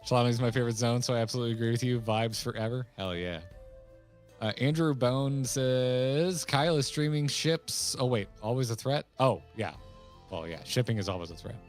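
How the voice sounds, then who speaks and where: A man co-hosting a game stream in casual chat, reading out chat messages with teasing, quick laughter. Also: medium pitch, darkish tone, soft background music.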